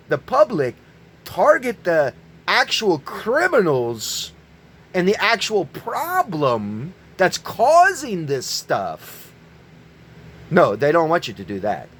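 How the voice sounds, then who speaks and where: A man giving an angry, profane religious rant, yelling at his listeners. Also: high-pitched, slightly rough. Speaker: online preacher.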